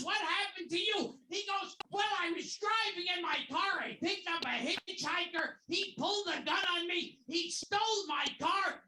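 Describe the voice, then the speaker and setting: A man doing a comedic impression of a crude old male insult comic, shouting raunchy jokes with a shrill, strained voice. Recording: roomy, distant mic with loud crowd and noise.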